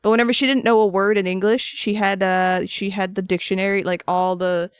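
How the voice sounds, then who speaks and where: A woman's voice: mid-range voice, steady tone, fairly quick, smooth, no echo. A woman streaming as she sculpts and paints, chatting casually and answering her viewers. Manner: chatty and rambling, answering chat with frequent restarts. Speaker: craft streamer.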